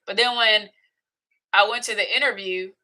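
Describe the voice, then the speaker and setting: Woman, middle-aged, talk host; bright tone, emphatic and conversational. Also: medium pitch, steady tone, normal speed, low-quality recording. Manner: chatty, emphatic, acts out her inner voice. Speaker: podcast host. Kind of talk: casual talk to camera.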